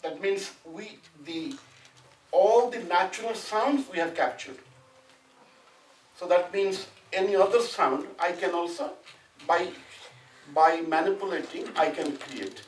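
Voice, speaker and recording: A man from India lectures a small class in a relaxed, rambling way, often asking whether his students follow him. His voice is somewhat higher than most men's. It is picked up from a distance in an echoey classroom, with faint noise underneath. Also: unhurried. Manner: conversational, often asks "you know what I'm saying?". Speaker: Sanskrit teacher.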